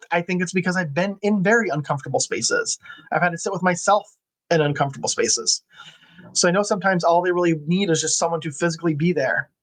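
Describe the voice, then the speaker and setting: A man who works as a nurse, talking casually and candidly to fellow healthcare workers and drawing on his own experience. He is blunt and earnest, and sometimes swears for emphasis. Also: fairly high pitch. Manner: earnest, speaks from personal experience. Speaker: nurse and podcast host.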